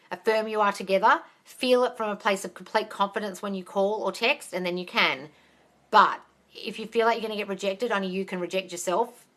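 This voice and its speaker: A woman's voice: mid-range voice, sharp tone. A woman answering viewer questions on a live stream as a manifestation coach, upbeat and encouraging, calling listeners "darling" and swearing casually, recorded on a phone. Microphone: phone camera.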